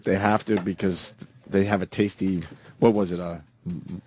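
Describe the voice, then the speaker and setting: A man's voice: deep voice, flat delivery, moderate pace, a little mellow, a little hiss or hum. A man hosting a radio show with playful, teasing, profane banter. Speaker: radio host.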